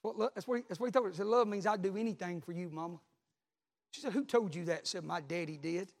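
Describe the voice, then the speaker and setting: A man, a pastor preaching a sermon, telling a story and then building to loud repeated calls. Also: high voice, fast.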